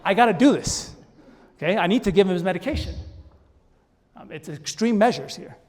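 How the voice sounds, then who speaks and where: Male keynote speaker, animated storyteller, slightly high voice, reverberant conference hall. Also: fairly quick.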